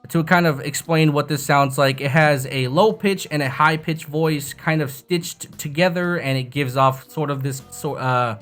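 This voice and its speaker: A young man hosting a casual software tutorial, chatting loosely with lots of swearing and self-mocking asides on a bass-boosted desk microphone. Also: moderate pace, few pauses, soft background music. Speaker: YouTube tutorial host.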